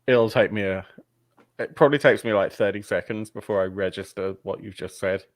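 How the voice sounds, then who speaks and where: A man with a fairly low voice chats as a player in a tabletop game, on a dry close recording. He talks loosely, explaining how his character reacts. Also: brisk, no echo. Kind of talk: casual tabletop play.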